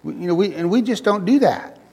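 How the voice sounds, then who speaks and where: A man's voice: sits high, animated, fairly quick, darkish tone, husky. A male preacher giving a sermon in a conversational style, repeating phrases and joking with the congregation. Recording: long reverb of a hall.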